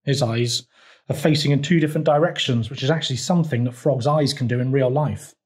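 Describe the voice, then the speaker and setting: A man reads a children's picture book aloud at a mid-range pitch. His delivery is gentle and easygoing, and he pauses to point out things in the pictures for young listeners. The tone stays warm and unhurried. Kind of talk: children's storytime read-aloud.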